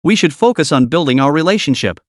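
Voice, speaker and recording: A man's voice: a little high, expressive, fast, no echo, studio quality, close to an everyday voice. A man voicing a boastful young rich man who eagerly pleads with his fiancée.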